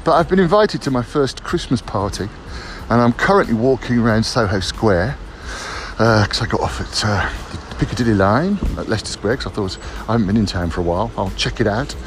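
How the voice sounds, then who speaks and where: A man's voice: fairly low pitch, animated, brisk, background noise. Playful, theatrical man on the street. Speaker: writer and pub crawl founder. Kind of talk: walking vlog update. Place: outdoors on city streets.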